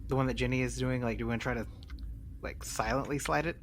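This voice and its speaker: A man with a mid-pitched voice talks hesitantly as a tabletop player, pausing often between his words. A faint hiss of noise sits behind him. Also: fairly even intonation. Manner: hesitant, filler-heavy. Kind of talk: casual tabletop game chat.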